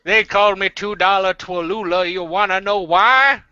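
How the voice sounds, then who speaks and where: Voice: mid-range voice, fairly even intonation, normal speed, pushed and bright, clear, resonant tone, natural voice. A man voicing a shameless old grandmother who boasts about her wild youth, heard on a dull lo-fi video call. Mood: bawdy. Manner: boastful storytelling. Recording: dull lo-fi sound.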